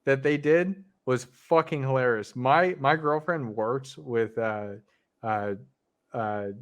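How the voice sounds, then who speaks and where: A man's voice: mid-range voice, slow pace. A man co-hosting a reaction show, talking in a laid-back, rambling way. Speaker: podcast co-host reacting to a video. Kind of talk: casual profane reaction chat.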